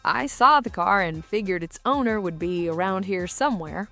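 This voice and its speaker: A woman's voice: medium pitch, normal speed, bright, forceful tone, faint music behind. A woman voicing a friendly, folksy male farmer in a storybook joke. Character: rural male farmer, friendly then suspicious.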